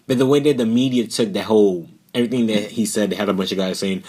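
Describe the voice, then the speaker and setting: Blunt, profane young man, deep voice. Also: quick pace, hardly any pauses, a little mellow, breathy edge. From New York. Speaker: podcast host. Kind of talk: casual political rant.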